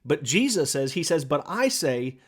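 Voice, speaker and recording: Podcast host, man, fervent and repetitive, voice sits a bit high. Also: very animated, normal speed, breathy edge. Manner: impassioned, repetitive, preachy; smokes a pipe while talking. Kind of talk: opinionated monologue.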